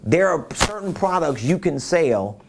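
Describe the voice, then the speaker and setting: A man's voice: on the high side, big pitch swings, measured pace, noisy background. A man giving a casual business coaching talk, repeating his points and asking rhetorical questions.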